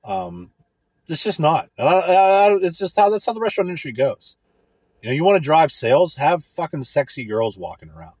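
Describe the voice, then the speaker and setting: A man in a casual, profane rant, crude, rambling and sarcastic, with a husky voice. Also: fairly high pitch, sing-song, fairly quick, a little mellow, dry recording.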